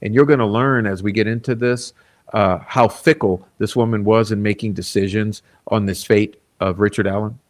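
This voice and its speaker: A man's voice: fairly low pitch, steady tone, moderate pace. A man giving blunt, combative true crime commentary, often breaking in with "okay?" asides. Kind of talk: casual commentary reading quotes.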